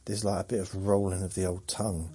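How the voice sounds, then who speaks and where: A man's voice: deep voice, level tone, quick pace, warm tone. A man hosting a sleep podcast, rambling through a monologue in a meandering, dry, self-mocking way. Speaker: podcast host.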